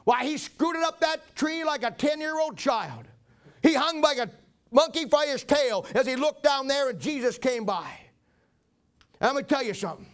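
A man's voice: very high-pitched, expressive, normal speed, a bit bright. A man preaching a sermon, retelling a Bible story in a dramatic, folksy way.

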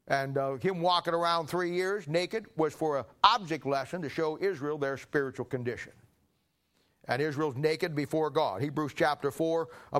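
An older man preaching a sermon, telling folksy stories and clearing his throat often. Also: on the high side, fairly bright tone. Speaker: pastor. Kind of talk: sermon with personal anecdotes.

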